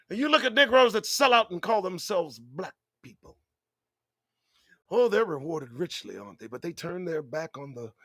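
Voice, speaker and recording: On his own show, this host launches into an animated commentary monologue, cursing and posing one rhetorical question after another. His voice is on the high side with a breathy edge, and the recording is dry.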